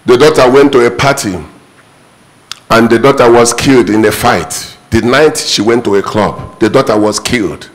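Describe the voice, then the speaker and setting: A man's voice: medium pitch, moderate pace, rough recording. A man preaching a sermon as pastor, emphatic and repetitive, his voice leaping up on sudden exclamations.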